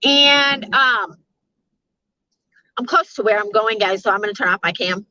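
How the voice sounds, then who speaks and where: A woman's voice: mid-range voice, measured pace, bright, forceful tone, no echo, muffled recording. A woman telling a long story casually in a vlog, rambling with many fillers and restarts, recorded on a phone while on the way somewhere. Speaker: vlogger.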